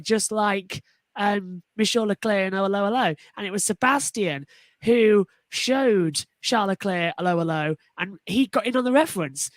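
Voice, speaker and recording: A woman's voice: fairly high pitch, no room sound. A woman on a motorsport panel talking enthusiastically and animatedly, often restarting her sentences. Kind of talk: casual panel discussion.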